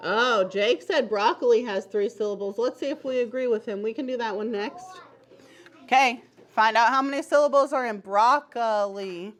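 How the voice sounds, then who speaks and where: A woman teaching preschoolers in a classroom, encouraging them with frequent praise and gentle teasing. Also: a little high, moderate pace. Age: adult. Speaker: pre-K teacher. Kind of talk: classroom instruction to small children.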